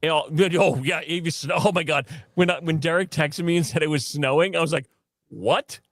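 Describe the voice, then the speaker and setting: Animated male podcast co-host, dry sound. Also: fairly high pitch, a little fast, no room sound. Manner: animated storyteller, laughs often, mimics others. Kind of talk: casual chat.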